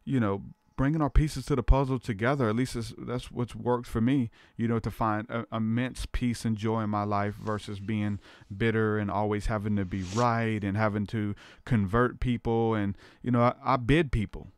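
A man with a low, smooth, resonant voice talks through his ideas earnestly and reflectively, often stopping on fillers as he finds his words. He is recorded close and dry. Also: fairly even intonation, normal speed, hardly any pauses, dry recording. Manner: earnest, thinks aloud with many fillers. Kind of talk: reflective conversation.

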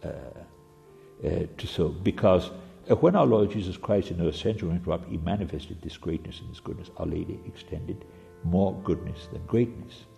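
A man giving a devotional sermon, halting and full of fillers and restarts. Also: low voice, gravelly, dark tone. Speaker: preacher. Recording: long reverb with faint music.

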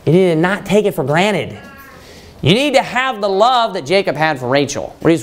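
Animated high-voiced man preaching. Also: moderate pace. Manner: animated, with frequent restarts and rising emphasis. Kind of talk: verse-by-verse sermon.

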